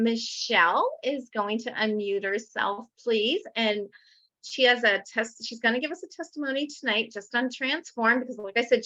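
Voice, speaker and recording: A woman's voice: on the high side, sharp tone, highs cut off. A woman hosting a group call, gushing with enthusiasm as she thanks each speaker. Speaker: host.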